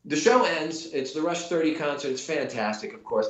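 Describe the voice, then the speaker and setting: A man's voice: a little high, expressive, normal speed, a bit bright. A middle-aged man, an actor guest, telling a long story in casual chat with many restarts and quoted voices. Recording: roomy echo.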